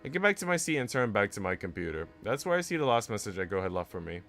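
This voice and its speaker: A man streaming, reading a visual novel aloud in an animated way with asides. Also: lowish voice, quick pace. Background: faint game music.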